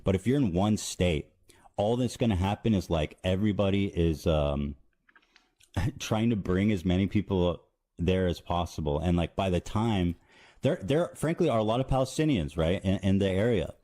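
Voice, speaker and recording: Man, deep voice, halting conversational delivery. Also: animated, mellow.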